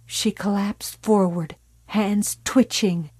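A woman narrating an audiobook in a measured, dark storytelling manner that drops to a hush. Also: medium pitch, no room sound.

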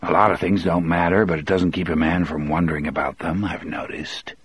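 A man with a husky voice reading a first-person audiobook in a measured, reflective way. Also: sits low, flat delivery. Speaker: audiobook narrator.

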